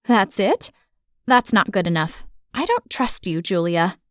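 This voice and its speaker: A woman voicing a hostile, bossy young woman in an audiobook, speaking in sharp, commanding and mocking tones. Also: mid-range voice, animated, a little slow, dry recording, clean studio sound, lightly acted.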